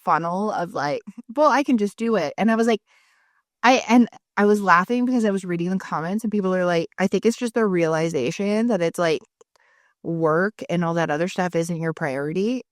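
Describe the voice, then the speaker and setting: A woman co-hosting a podcast in casual chat, telling stories lively and acting out the people she quotes. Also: lowish voice, fairly quick, no room sound, clean studio sound. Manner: animated storyteller, acts out quoted people. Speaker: podcast co-host.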